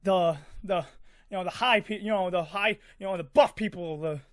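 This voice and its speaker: High-voiced man rambling through a story. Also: normal speed, a bit bright, no room sound, clean studio sound. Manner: rambling, filler-heavy, sound effects. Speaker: vlogger. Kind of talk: casual storytelling.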